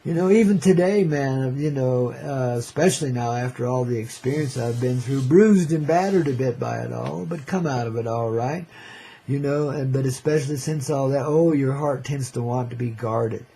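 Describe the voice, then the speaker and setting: An older radio host with a medium-pitched, gravelly, husky and mellow voice rambles at a moderate pace in a laid-back hippie drawl. The casual monologue features "man" every few lines and repeated bursts of chuckling.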